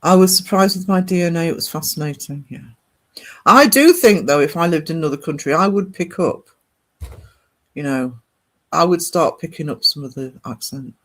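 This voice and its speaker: A man's voice: a little high, expressive, normal speed, a bit bright. A man from Northeast England with an English accent, chatting casually with viewers on a live art stream in a rambling way. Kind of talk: casual chat while streaming.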